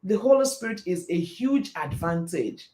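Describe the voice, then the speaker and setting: Middle-aged man, show host, motivational faith talk, quick animated storytelling. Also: sits high.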